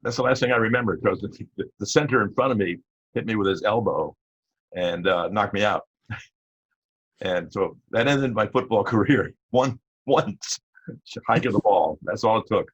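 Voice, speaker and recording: An older man, a retired police captain, telling stories from his life in a rambling, halting way full of fillers and restarts. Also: on the low side, husky, dry recording. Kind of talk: casual storytelling interview. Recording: dull lo-fi audio.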